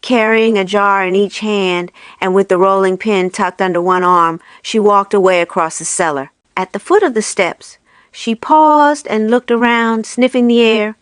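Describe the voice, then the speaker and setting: A woman reading a children's book aloud with steady, clear storytelling. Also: medium pitch, normal speed, no room sound. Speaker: reader.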